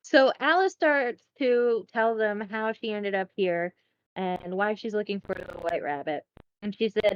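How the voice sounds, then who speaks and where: Woman, podcast host, casual recap, profane and chatty, smooth voice, slightly dull close mic. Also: mid-range voice, unhurried, dry recording. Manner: chatty, profane, animated retelling.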